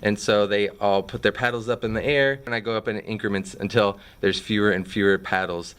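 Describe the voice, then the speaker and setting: A fifth grade teacher, a man, explaining his classroom methods in a relaxed, chatty way with frequent fillers. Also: lowish voice, fairly quick, clean tone.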